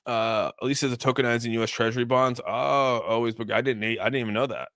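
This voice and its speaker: With a quick pace and few pauses, a man gives casual crypto chart commentary on a livestream, reading out donor messages and frequently restarting in a loose, chatty manner. His mid-range voice has fairly even intonation and a slightly bright tone, captured in clean studio sound with no room sound.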